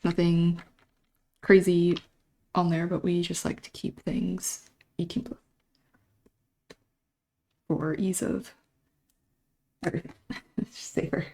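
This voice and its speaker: A woman livestreaming while drawing, with a sore throat, chatting casually, giggling often, greeting and thanking viewers, sometimes dropping into soft whispers. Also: fairly low pitch, little pitch movement, slow, creaky, pauses often. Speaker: livestreaming artist. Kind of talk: casual stream chat.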